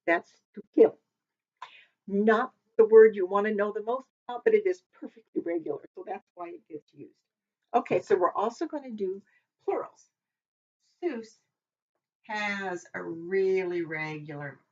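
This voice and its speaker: A woman teaches a relaxed vocabulary lesson, talking through each word and checking herself as she goes. Her voice sits at a middle pitch for a woman. The recording is dull and lo-fi. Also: slightly rough. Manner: chatty, thinks aloud, double-checks herself. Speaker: Hebrew teacher.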